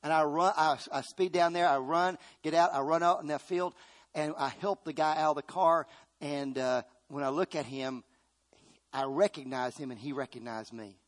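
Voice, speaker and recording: A middle-aged man pastor preaching a sermon, calling out to his congregation and rising to loud, emphatic bursts. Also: fairly high pitch, moderate pace.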